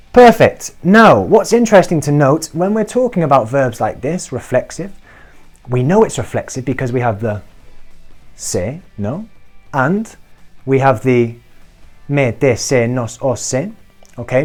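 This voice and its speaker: A man teaching a beginner Spanish lesson to camera, checking in often with "okay?" and slowing down to model each Spanish form. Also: mid-range voice. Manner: encouraging, checks in with frequent "okay?". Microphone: talking to camera.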